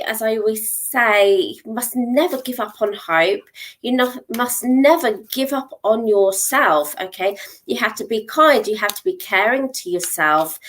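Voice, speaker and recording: A middle-aged woman with a voice pitched a little high gives live psychic readings. She talks in a reassuring, encouraging way and keeps checking in with her listener. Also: fairly bright tone. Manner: reassuring, checks in with frequent "okay?". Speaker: psychic reader.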